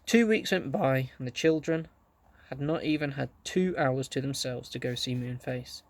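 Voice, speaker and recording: A man reading a children's story aloud, gently telling it and lightly voicing the characters. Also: mid-range voice, normal speed. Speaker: audiobook reader.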